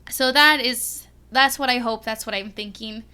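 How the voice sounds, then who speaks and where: A young woman reacting to a series as a fan, rambling excitedly with lots of giggles and restarts. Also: fairly high pitch, moderate pace, clean tone. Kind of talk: casual rambling reaction vlog.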